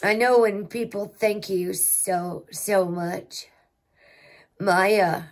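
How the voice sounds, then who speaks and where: A woman hosting a spiritual healing livestream, talking slowly and reflectively with her viewers. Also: mid-range voice, steady tone. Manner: slow, reflective, talks to chat and to herself. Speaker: spiritual healing channel host.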